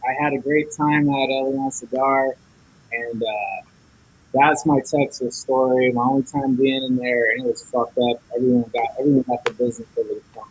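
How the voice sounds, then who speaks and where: A man's voice: medium pitch, steady tone, normal speed, breathy edge, low-quality recording. A man guest on a podcast, telling a story in casual chat, acting out each side of the dialogue and cursing a lot.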